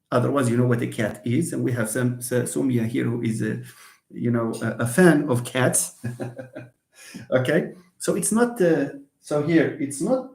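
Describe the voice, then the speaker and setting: A man's voice: medium pitch, roomy sound. A middle-aged man with a Moroccan accent teaching English pronunciation in a live online lesson, often repeating words and sounding them out for students.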